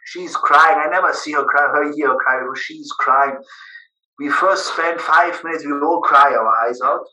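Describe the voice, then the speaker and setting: A man telling his own story in emotional, halting, broken English. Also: fairly high pitch, pushed and bright, far from the mic. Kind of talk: personal storytelling. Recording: echoey room, voice away from the mic.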